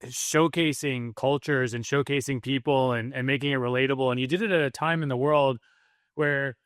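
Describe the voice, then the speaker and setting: A man's voice: medium pitch, fairly even intonation, moderate pace, a bit bright, no room sound, clean studio sound. A man hosting an interview podcast, talking in an earnest, reflective way. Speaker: podcast host. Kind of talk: casual interview chat.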